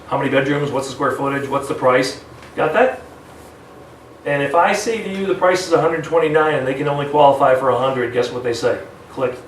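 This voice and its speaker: A man's voice: fairly high pitch, slight background noise. A man teaching a live sales training seminar, full of energy, acting out phone calls with clients and changing his speed on purpose. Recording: echoey room, mic at a distance.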